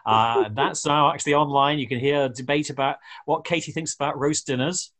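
A man's voice: fairly high pitch, fairly even intonation, brisk, a bit bright. A man hosting a radio show, chatting with guests and making jokey, rambling asides.

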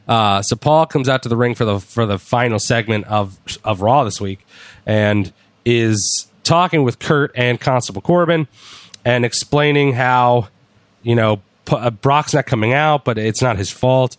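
A man chatting casually, retelling events with lively acted-out quotes as a podcast host. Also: mid-range voice, unhurried, no echo. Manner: animated storyteller, acts out quotes. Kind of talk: casual chat recapping wrestling.

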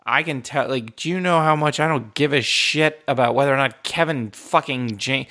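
A man's voice: medium pitch, moderate pace, hardly any pauses, bright, forceful tone. A young man co-hosting a casual film chat, ranting with lots of swearing and frequent laughter. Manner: profane ranting, laughs often. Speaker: podcast co-host.

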